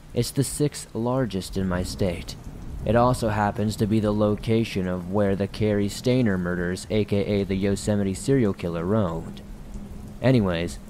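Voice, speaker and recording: A man reading a horror story aloud in a steady, measured narration. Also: on the low side, slight background noise, poor audio.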